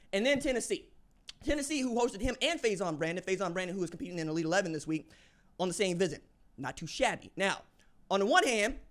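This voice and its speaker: A man hosting a sports podcast, delivering an opinionated monologue in casual slang, swinging from low asides to loud hype shouts. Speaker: podcast host.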